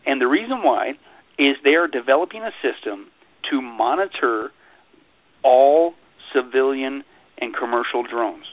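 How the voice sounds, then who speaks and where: A man talking as a guest in a radio interview. He speaks in an animated way, repeats himself often, and mocks other views in sarcastic put-on quotes. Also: mid-range voice, measured pace, no room sound. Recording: tinny phone line, dry.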